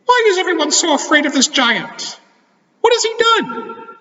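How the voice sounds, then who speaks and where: A man voicing a brave cartoon mouse woodcutter in a very high, squeaky voice. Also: sing-song, normal speed, bright, forceful tone, full character voice. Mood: eager. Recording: echoey hall, dull lo-fi sound.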